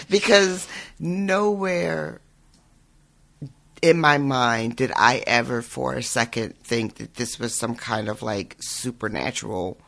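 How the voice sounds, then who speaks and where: A man's voice: mid-range voice, slow pace, gravelly, a bit bright. A man co-hosting a podcast in casual chat, feeling unwell and laughing often. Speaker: podcast co-host.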